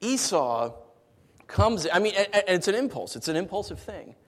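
A pastor preaches a sermon in a high voice at a moderate pace, the long reverb of a large hall around him. He tells stories in an animated, playful way, with big swings in his voice.

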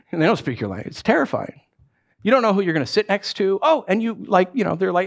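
A man's voice: high-pitched, moderate pace, creaky. A middle-aged man preaching a sermon as pastor, telling stories with lots of restarts and acted-out asides. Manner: animated storytelling with many restarts and acted asides.

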